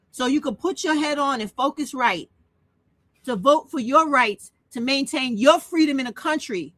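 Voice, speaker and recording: A woman's voice: sits high, fairly bright tone, dry recording. A woman hosting her own channel, delivering a blunt, profane, emotional monologue. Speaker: channel host. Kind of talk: impassioned monologue rant.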